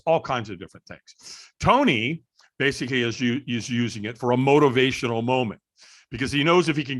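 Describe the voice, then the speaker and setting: A middle-aged man telling a story as a guest on a podcast, animated and acting out the voices of people in the story. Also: medium pitch. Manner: animated storyteller, acts out quoted dialogue. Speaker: guest, firewalk instructor.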